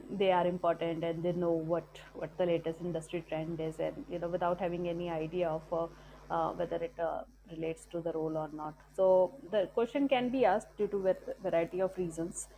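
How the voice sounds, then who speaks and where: A woman's voice: on the low side, mellow, a little hiss or hum, rough recording. A woman, giving a patient, filler-heavy talk in an online group session. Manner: explains patiently with many fillers and tag questions. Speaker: session speaker on business analysis.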